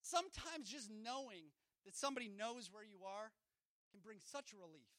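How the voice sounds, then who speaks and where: Young male preacher, ringing bright tone, fervent sermon that climbs to shouting. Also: high-pitched, expressive, moderate pace, dry recording. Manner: impassioned, building to shouts; casual asides between scripture reading.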